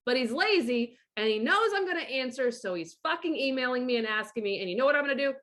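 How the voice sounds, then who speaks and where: A woman's voice: high-pitched, very animated, quick pace, sharp tone. A middle-aged woman working as a divorce coach talks straight to camera in a blunt, bossy monologue full of swearing. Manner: blunt, profane and emphatic; bossy, gives direct orders. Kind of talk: casual profane monologue to camera.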